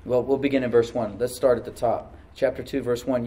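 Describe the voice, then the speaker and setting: A man preaching a sermon, swinging between loud, emphatic surges and quiet, confiding asides, and calling on the congregation to answer back. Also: mid-range voice, fairly even intonation, fairly quick, few pauses, reverberant, distant mic, poor audio. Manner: calls for responses from the congregation. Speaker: pastor.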